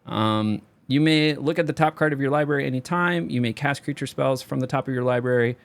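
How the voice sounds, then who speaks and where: A young man rambling casually through card reviews, his voice going hoarse and straining on high notes. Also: fairly quick. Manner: loose, rambling, sings a repeated catchphrase. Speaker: card game video creator.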